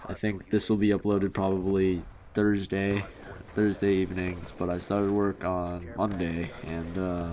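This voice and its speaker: A young man telling stories in a casual, rambling commentary, full of fillers and restarts. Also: on the low side. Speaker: commentary youtuber. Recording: faint background noise.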